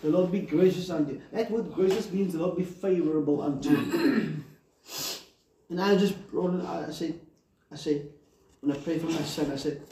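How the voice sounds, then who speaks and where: A man's voice: on the high side, normal speed, darkish tone. A man preaching a sermon emphatically, calling on the congregation for amens. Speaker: pastor. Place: church hall. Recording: echoey hall from far off.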